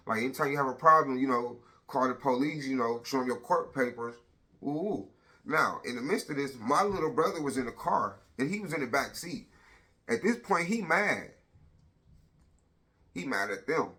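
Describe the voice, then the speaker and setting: A man's voice: mid-range voice, bright, forceful tone. A man in his thirties telling a personal story on a casual vlog, blunt and profane, retelling it with lots of energy.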